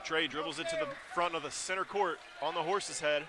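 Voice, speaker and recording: Man calling basketball play-by-play over loud gym noise. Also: a little high. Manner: rapid calls that rise to shouts on big plays. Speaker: play-by-play commentator.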